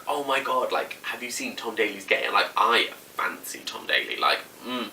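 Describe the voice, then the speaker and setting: A man's voice: mid-range voice, lively intonation, normal speed, hardly any pauses, pushed and bright. A young man casually telling a personal story to camera as a vlogger, full of "like" and acted-out quotes. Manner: chatty, lots of "like", acts out quotes. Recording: slightly distant mic, faint room noise.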